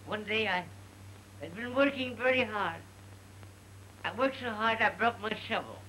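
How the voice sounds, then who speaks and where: A man playing a rambling, sentimental comic storyteller in a 1930 film comedy sketch, halting and mock-tearful. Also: sits high, bright, forceful tone, slight background noise, rough recording.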